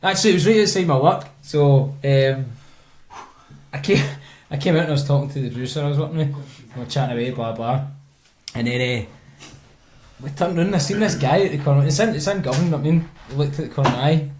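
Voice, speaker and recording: A Glaswegian man hosting a podcast, telling a sweary, animated story with laughs between lines. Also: fairly high pitch, quick pace, echoey room, a little hiss or hum. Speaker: podcast host. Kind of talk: casual storytelling chat.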